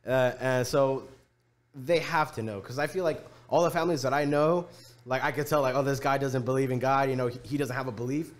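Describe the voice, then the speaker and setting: A man's voice: medium pitch, fairly quick. A man in his twenties hosting a podcast, talking casually and hedging his points with "you know?". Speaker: podcast host. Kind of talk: casual chat.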